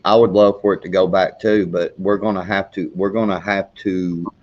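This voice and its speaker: A man in a casual political chat, speaking bluntly and with exasperation. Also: sits low. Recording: dull lo-fi sound.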